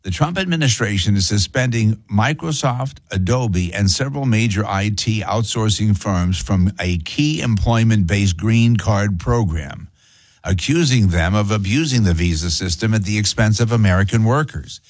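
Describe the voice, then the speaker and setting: A man's voice: fairly low pitch, lively intonation, normal speed, no echo, studio quality. A man hosting a talk radio show, speaking emphatically with rhetorical questions.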